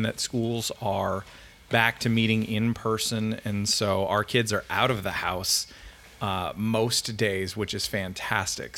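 A man's voice: lowish voice, a bit bright. A man in his thirties with a Canadian accent, a friendly, good-humored guest on a casual podcast interview.

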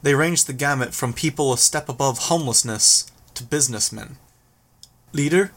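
A man reading a first-person action novel as an audiobook, with a steady, even delivery. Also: mid-range voice, fairly quick. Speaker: audiobook narrator.

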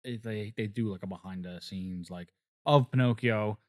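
A man with a fairly low voice talks through film details in a casual conversation. He explains patiently, pausing on fillers as he gathers his thoughts. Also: a little mellow. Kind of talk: casual chat.

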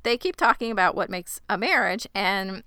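Bright, crisp-voiced woman recapping a show. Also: medium pitch, no room sound, clean studio sound. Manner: animated, acts out characters' lines in quick voices. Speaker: podcast co-host recapping a TV episode. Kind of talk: casual chat recap.

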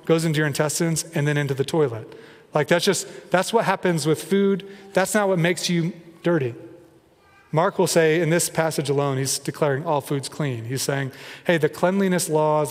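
A male pastor delivers a conversational sermon, his voice sitting a little high for a man. He keeps dropping into animated, playful impressions as he preaches. The sound carries a long reverb from a large church hall. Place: church sanctuary.

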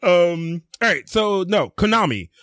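A man's voice: high-pitched, expressive, fairly bright tone, dry recording, studio quality. A man co-hosting a podcast in casual group chat, swearing freely and stumbling through fillers. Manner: swearing, halting, lots of fillers. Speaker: podcast co-host.

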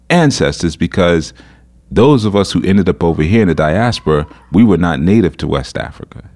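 A man hosting a podcast, telling a story in a casual, animated way, incredulous and laughing at times. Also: sits low, creaky. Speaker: podcast host.

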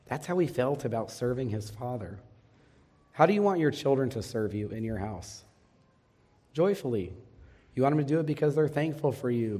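A man in his thirties preaches a sermon in a large hall, and his voice trails off into a long reverb. His tone is dark and mellow, and he keeps asking the congregation questions, then answers them himself. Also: medium pitch. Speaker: pastor.

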